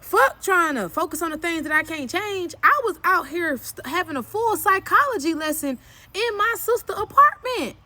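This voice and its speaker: A woman's voice: extremely high pitch, moderate pace. A woman telling a personal story in a candid vlog, blunt and profane, leaping up sharply whenever she quotes herself. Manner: blunt, profane and emphatic, often cursing; animated retelling with sharp jumps when quoting herself.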